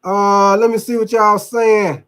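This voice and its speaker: A man's voice: high voice, little pitch movement, measured pace, fairly bright tone, clear, resonant tone. A man hosting a casual sports talk stream, rambling loosely and swearing while he talks to his viewers. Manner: loose, rambling, profane, addresses viewers as y'all. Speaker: sports show host. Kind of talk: casual live sports talk, reacting to chat.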